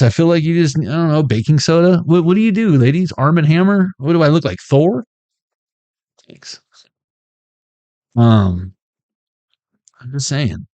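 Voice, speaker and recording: A man's voice: mid-range voice, sing-song, moderate pace, pauses often, a little mellow, no room sound. Profane, joking male tarot reader. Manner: profane, joking, rambling, laughs at own jokes. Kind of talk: casual tarot reading vlog.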